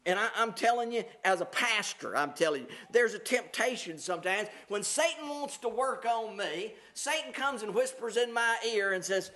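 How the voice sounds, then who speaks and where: A man with a notably high voice preaching to his church. He reads old scripture verses aloud, then explains them in a plain, folksy way, often pausing with "uh" and repeating words as he goes. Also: animated, sharp tone. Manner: conversational preaching, reading scripture aloud with many fillers. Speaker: pastor. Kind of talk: sermon.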